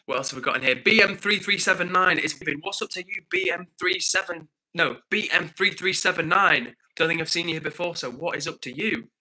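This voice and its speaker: A man's voice: high-pitched, a little fast, hardly any pauses, pushed and bright, poor audio. A young man hosting a live stream, reading viewer comments in a friendly, upbeat, chatty way.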